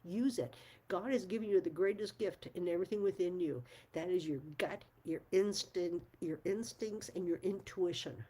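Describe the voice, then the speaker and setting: Frank woman with a dark husky voice. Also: fairly low pitch, normal speed. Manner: frank, emphatic, swears, laughs often. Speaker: channel host. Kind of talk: casual talk to camera.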